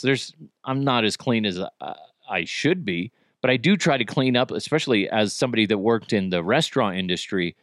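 A man's voice: mid-range voice, fairly bright tone, dry recording, clean studio sound. A man hosting a podcast in a casual, rambling monologue, joking and swearing as he talks. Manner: rambling, jokey, profane. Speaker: podcast host.

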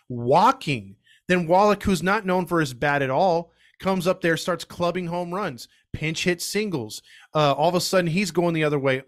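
A man's voice: on the high side, fairly bright tone. A man who is a guest co-host on a sports podcast, telling stories in a rambling, casual way. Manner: rambling, storytelling.

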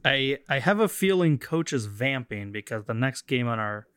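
A man's voice: medium pitch, expressive, moderate pace, a bit bright, clear, resonant tone, no room sound. A man co-hosting a sports podcast with dry wit. The recording is dry and close. He speaks in a mid-range voice. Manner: wry, joking. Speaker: podcast co-host. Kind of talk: casual sports podcast chat.

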